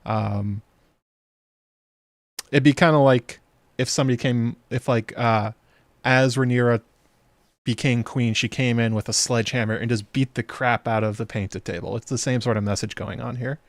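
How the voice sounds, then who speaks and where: A man's voice: medium pitch, fairly even intonation, moderate pace, no echo. A man hosting a TV episode breakdown in casual commentary, chatty and sarcastic, laughing at the scenes. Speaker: host of a TV episode breakdown channel.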